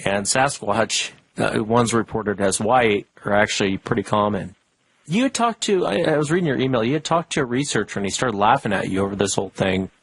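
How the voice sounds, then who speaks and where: A man's voice: lowish voice, expressive, brisk, a bit bright, husky, no echo. A male host interviewing a caller in a casual, conversational way and asking direct questions.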